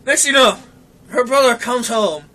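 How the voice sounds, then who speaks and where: A young man telling a wild story on a casual podcast, with a very high voice. He swears freely and acts out every line of dialogue. His tone is sharp and bright throughout. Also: unhurried. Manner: animated, profane, acts out quotes. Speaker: podcast co-host.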